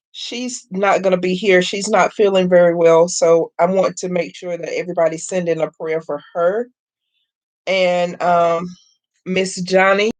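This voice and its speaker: A middle-aged woman hosts a live crafting stream, talking slowly and easily to her viewers. Her voice sits a bit low. She chats casually and calls everyone y'all. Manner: chatty, addresses viewers as y'all, greets chat by name. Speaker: craft channel host.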